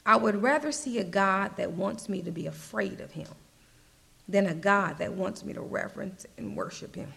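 A woman preaching a slow, earnest sermon, sometimes dropping her voice to a soft whisper. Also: mid-range voice, gravelly.

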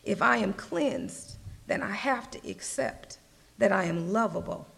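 A woman preacher delivering an earnest sermon at an unhurried pace. Her voice carries a gravelly, creaky texture. She often sinks to a soft whisper to draw the listener close. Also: medium pitch, lively intonation.

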